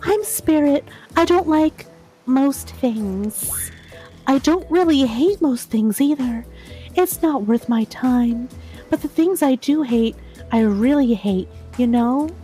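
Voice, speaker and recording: A woman's voice: high-pitched, animated, slow pace, warm tone, faint music behind, pitched above the performer's own voice. A woman voicing a cynical, gloomy ghost girl in a dating game, jaded and scornful.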